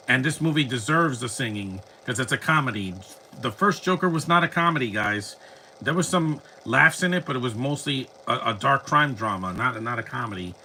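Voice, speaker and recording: A man's voice: medium pitch, bright, forceful tone, slight background noise. A man giving casual, rambling live commentary while watching a movie. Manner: rambling, chatty, frequent restarts.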